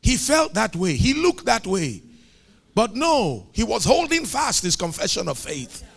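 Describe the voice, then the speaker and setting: Male preacher, high lively voice with grit, dramatic sermon delivery that swings up into shouts. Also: unhurried, gravelly, slightly rough, soft background music. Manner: animated preaching with shouted climaxes and acted dialogue.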